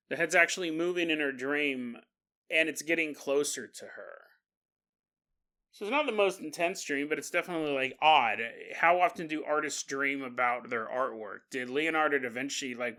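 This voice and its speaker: A podcast host with a medium-pitched, sharp-toned voice tells a story in a jokey, casual manner. He acts out quoted voices and laughs often.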